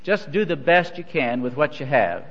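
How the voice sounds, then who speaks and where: A man's voice: fairly high pitch, very animated, moderate pace. Older man, folksy storytelling sermon, self-deprecating, dull lo-fi archive sound, long hall reverb. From Missouri. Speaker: church leader. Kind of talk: humorous anecdotal sermon. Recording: dull, echoey hall recording.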